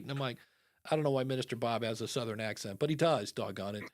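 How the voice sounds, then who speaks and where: A man hosting a podcast in casual chat, animated and acting out quoted voices. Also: medium pitch, a little fast, no room sound, clean studio sound. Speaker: podcast host.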